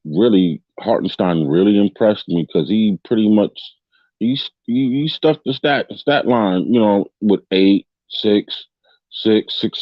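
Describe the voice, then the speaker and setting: A man's voice: lowish voice, dry recording, highs cut off. A man hosting a casual fan podcast, talking in a loose, rambling way with constant restarts and tag questions. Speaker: podcast host.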